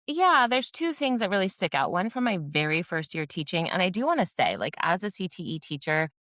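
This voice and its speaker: A middle-aged woman with a bright, forceful voice, recorded close and dry. She tells her stories in a lively conversational way and slips into quoted voices as she goes. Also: on the low side, a little fast, no room sound. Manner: animated storyteller who acts out quoted voices. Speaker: podcast guest, former teacher and behavior specialist. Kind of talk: conversational storytelling in a podcast interview.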